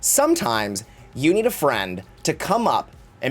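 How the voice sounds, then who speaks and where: A man's voice: mid-range voice, wildly swooping pitch, a little slow. A man streaming live, chatting casually in a campy, theatrical way and swearing freely.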